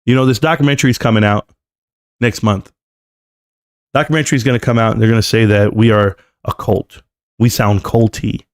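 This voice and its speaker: A man's voice: lowish voice, fairly even intonation, a little fast, pauses often. A middle-aged man hosting a live stream from home, ranting in a casual way and talking straight to his chat.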